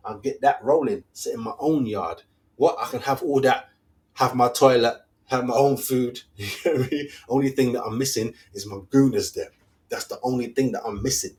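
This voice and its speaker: A man's voice: mid-range voice, normal speed, darkish tone. A man, hosting a fan channel and ranting casually in slang, full of rhetorical questions.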